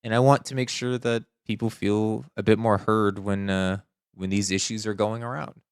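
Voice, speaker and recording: A man's voice: fairly low pitch, steady tone, moderate pace, clean tone, no echo, clean studio sound. A man streamer talking casually to his audience, earnest and indignant, often repeating his points. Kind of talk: casual commentary to camera.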